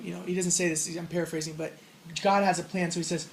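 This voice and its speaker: A man's voice: high voice, steady tone, fast talker, slight background noise, rough recording. A man giving a casual spoken lecture on religion, rambling as he explains and acting out the lines he quotes.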